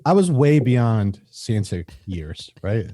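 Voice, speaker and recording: A man's voice: fairly low pitch, sing-song, takes it slowly, warm tone, dry recording, clean studio sound. A young man, a guest on a podcast, telling a childhood story in casual chat with wry laughter. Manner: wry storyteller, laughs through his tales.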